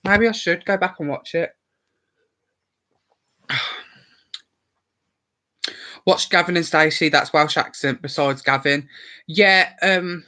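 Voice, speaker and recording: A man's voice: fairly high pitch, steady tone, measured pace, long pauses, bright, forceful tone. A man rambling casually on a live stream, chatty and swearing freely.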